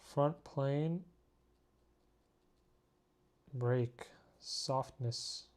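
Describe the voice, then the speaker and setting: A man's voice: mid-range voice, very slow. A tired man drawing late at night, naming each part in terse single words and making self-mocking asides to himself. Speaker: artist drawing on camera. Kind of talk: casual talk to himself while drawing.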